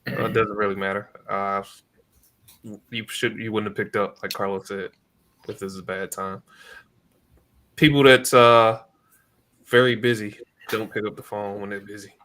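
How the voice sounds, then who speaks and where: A man co-hosting a casual podcast chat, speaking in a relaxed way with frequent hesitations; English is not his first language. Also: fairly low pitch, a little hiss or hum. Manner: relaxed, speaks slowly and evenly, many "uh" fillers. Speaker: co-host, real estate investor.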